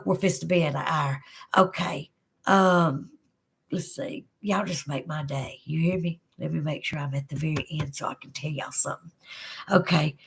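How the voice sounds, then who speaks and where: A woman's voice: fairly low pitch, slightly rough. Chatty Southern woman hosting a livestream. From Southern United States. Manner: chatty, giggly, drawling, warm-hearted with viewers. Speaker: livestream host. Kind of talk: casual livestream chat reading comments.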